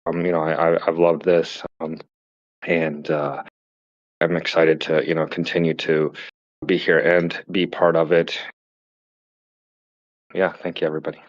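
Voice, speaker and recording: A man in a casual chat speaking in a heartfelt, halting way, full of fillers. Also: a bass voice, flat delivery, dry recording, highs cut off.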